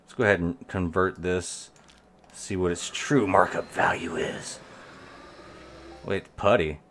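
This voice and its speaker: A man's voice: low-pitched, steady tone, slow pace, creaky, fairly bright tone, slight background noise. A man giving rambling live gameplay commentary as a streamer, talking to his viewers while he plays. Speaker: game streamer.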